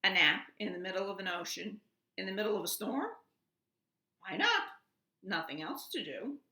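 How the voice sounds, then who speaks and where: A woman's voice: mid-range voice, sing-song, normal speed, sharp tone, roomy sound. A woman voicing a brave, kind little boy who sounds eager and anxious.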